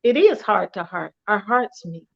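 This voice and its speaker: An older woman, a retired police officer and actor, telling her story as a radio guest in an animated way and repeating her key phrases for emphasis. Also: medium pitch, normal speed, creaky. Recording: muffled lo-fi livestream audio.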